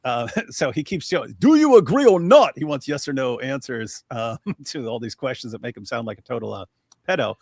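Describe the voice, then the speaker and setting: A man's voice: mid-range voice, fairly quick, vocal fry, no room sound, clean studio sound. A man from the United States hosting a casual live-stream, talking in a blunt, mocking way. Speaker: host.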